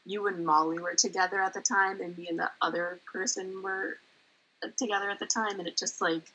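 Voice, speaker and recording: A woman's voice: mid-range voice, fairly even intonation, fairly quick, pushed and bright, a little hiss or hum, poor audio. A young woman guest in a casual chat, telling stories candidly and swearing casually. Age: young adult.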